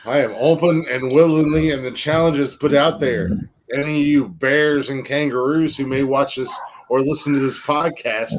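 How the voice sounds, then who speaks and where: A man's voice: mid-range voice, normal speed, slight background noise, poor audio. Rambling man bragging on a podcast. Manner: rambling, boastful, profane. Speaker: podcast co-host. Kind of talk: casual crude banter.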